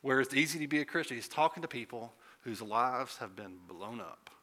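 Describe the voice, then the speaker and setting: A pastor delivers a sermon in a relaxed, conversational way. His voice is very bright and forceful. He rises to loud, emphatic peaks. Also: mid-range voice, a little fast, creaky.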